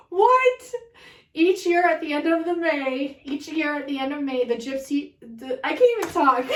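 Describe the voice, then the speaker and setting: A woman with a fairly high voice gives a casual card reading to her viewers, emotional and overwhelmed as she talks. She sits back from the mic, and the room is echoey. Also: recorded from a distance. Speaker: tarot card reader.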